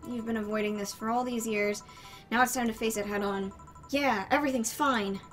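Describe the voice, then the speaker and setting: A woman reads out an anxious young female bartender from a visual novel. She talks to herself in a blunt, sardonic way, in a slightly high voice. Soft music runs in the background. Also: fairly even intonation, a little fast, close to an everyday voice. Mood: nervous. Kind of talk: reading visual novel dialogue.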